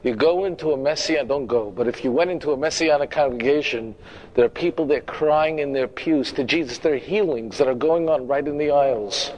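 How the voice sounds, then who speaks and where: Man, rabbi, lecturing a congregation; emphatic, repeats lines, quips to the crowd, slightly raised pitch. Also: fairly quick, darkish tone, poor audio. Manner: emphatic, repeats phrases for effect; humorous asides, direct questions to audience. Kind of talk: sermon-style lecture.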